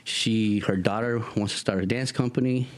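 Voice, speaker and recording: A man being interviewed, telling a story in a casual, animated way, with street slang and acted-out voices. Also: on the low side, moderate pace. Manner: animated, acts out voices in his stories. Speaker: guest.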